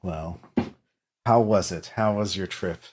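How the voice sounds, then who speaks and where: Calm masked lady at a ball, voiced by a man, dreamy and fond, low and unhurried. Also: husky, exaggerated voice. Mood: serene, wistful. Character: serene masked woman at a masquerade, eerily content.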